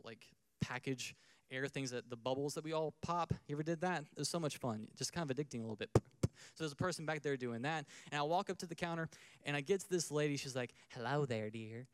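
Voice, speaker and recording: Smooth-voiced man preaching casually. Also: medium pitch, dry recording. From United States. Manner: conversational preaching, acts out little scenes. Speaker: pastor. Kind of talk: sermon.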